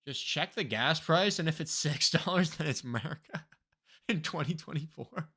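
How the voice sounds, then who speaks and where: A man's voice: fairly high pitch, lively intonation, normal speed, bright, forceful tone, breathy edge. Loose, profane male streamer thinking aloud. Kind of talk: live stream game commentary.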